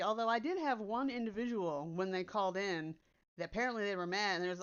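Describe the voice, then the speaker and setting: A woman's voice: mid-range voice, fairly quick, clean tone. A woman content creator in casual chat, blunt and direct, swearing casually. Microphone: built-in computer mic instead of her usual microphone. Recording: dull lo-fi sound from a computer's built-in mic.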